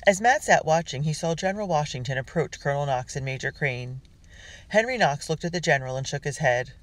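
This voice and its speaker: A man's voice: a little high, lively intonation, a little fast, a bit bright, no echo. Man reading a storybook aloud. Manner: reads with small slips and restarts, voicing characters. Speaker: audiobook narrator. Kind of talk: scripted narration.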